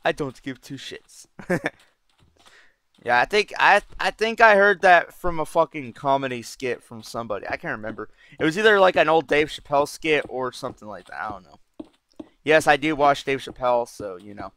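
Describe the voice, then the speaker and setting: A man's voice: medium pitch, animated, normal speed, fairly bright tone, dry recording. A man giving casual gameplay commentary as a channel host, brash and profane, rambling as he plays.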